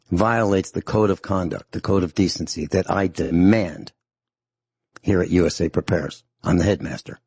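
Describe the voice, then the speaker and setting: A man with a deep, gravelly, husky voice delivers a stern monologue on a radio talk show, driving his points home through repetition. The sound is close and dry with no room echo, and his tone is darkish.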